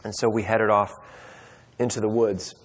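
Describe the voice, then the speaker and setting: A man's voice: lowish voice, level tone, moderate pace. A man telling a personal story at a Bible study, casual and conversational with fillers and restarts. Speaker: speaker at a men's Bible study. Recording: long hall reverb.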